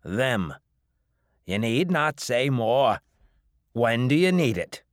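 A man voicing a huge, taciturn old farmer who speaks in a slow New England drawl. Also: medium pitch, big pitch swings, no echo, studio quality, voice pushed up.

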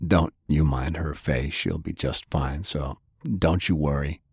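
An actor playing a gruff, battered man, speaking low and grim in an audiobook. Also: moderate pace, darkish tone, dry recording, studio quality, exaggerated voice.

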